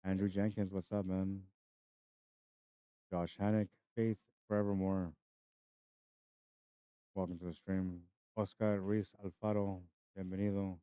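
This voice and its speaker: A man's voice: sits low, warm tone, smooth, dry recording. A young man giving casual live-stream commentary on a pool match, chatty and laughing as he greets viewers by name. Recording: dry, slightly dull stream audio.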